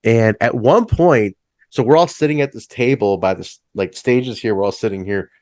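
A middle-aged man in a band, telling stories in a casual chat. He is laid-back, swears freely, says "like" a lot and jumps higher when he acts out a story. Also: moderate pace, a little mellow, no room sound, clean studio sound. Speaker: band musician, interview guest.

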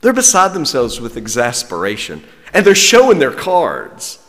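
A man, a pastor preaching a sermon with lively, wry humor. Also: mid-range voice, moderate pace. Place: church sanctuary. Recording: long reverb of a church sanctuary.

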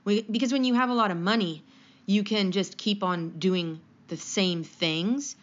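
A woman co-hosting a podcast in relaxed casual chat, halting now and then with fillers. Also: medium pitch. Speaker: podcast co-host. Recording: dull lo-fi recording.

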